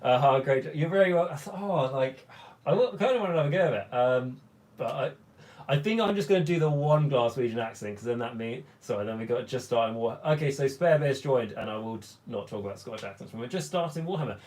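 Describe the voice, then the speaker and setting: A young man hosting a long hobby livestream, his voice hoarse and worn from talking for hours. He rambles along in a casual, unhurried way and reads viewers' comments out loud. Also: medium pitch, lively intonation.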